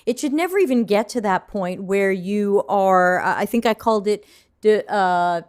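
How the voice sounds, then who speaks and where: A panel host with a clear, resonant mid-range voice runs a relaxed Q&A over video call at a normal speed. She keeps things lively with jokes and passes the floor to her panelists.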